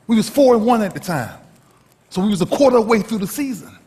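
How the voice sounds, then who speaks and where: Male motivational speaker, dramatic storyteller, very animated delivery in a reverberant hall. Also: a little fast. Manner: dramatic storyteller, swinging from shouts to hushed lows. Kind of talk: motivational speech to a live audience.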